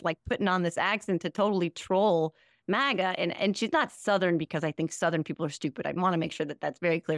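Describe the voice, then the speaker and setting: A middle-aged woman from New Jersey, a guest in a casual interview, talking in an animated, quick way and laughing often. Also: on the low side, no echo, studio quality. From New Jersey, USA. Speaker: guest, online satirist.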